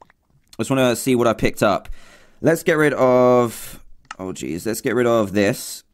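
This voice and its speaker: A young man from England doing let's-play commentary, talking to himself nonstop in an excitable, panicky way. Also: mid-range voice, a little slow. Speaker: gaming YouTuber.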